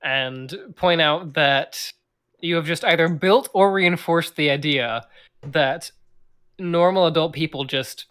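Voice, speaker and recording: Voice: mid-range voice, slow pace, fairly bright tone, clean tone. A podcast co-host chatting casually and teasing with dry remarks. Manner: teasing, laughs easily. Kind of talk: casual chat.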